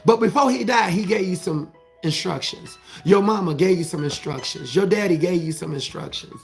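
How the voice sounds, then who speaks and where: Gravelly emphatic male life coach. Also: high-pitched, moderate pace, faint music behind. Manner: emphatic and repetitive, preacher-like cadence; talks straight to viewers, asks questions and answers them. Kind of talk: motivational scripture talk to viewers.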